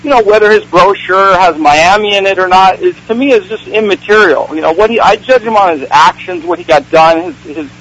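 A man's voice: high voice, fairly quick, few pauses, a bit bright, slight background noise, rough recording. A man calling into a radio talk show, earnest and hesitant, full of restarts and "you know"s. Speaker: caller.

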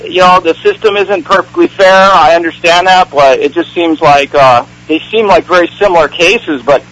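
A male caller talks on a radio show. His voice is high and bright, and he is earnest and hesitant, with many restarts and "you know"s. The sound is a radio call-in line. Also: normal speed, low-quality recording.

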